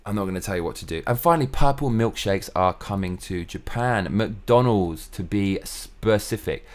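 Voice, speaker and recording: Low-voiced and fairly quick, this young man from England runs his own show. His solo monologue is casual, profane, ranting and opinionated.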